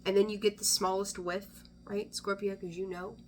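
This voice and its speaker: A woman's voice: medium pitch, level tone, moderate pace, a little mellow, a little hiss or hum. A woman giving a casual weekly tarot reading, chatty and blunt, swearing freely and often trailing off to restart her sentences. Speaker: tarot reader.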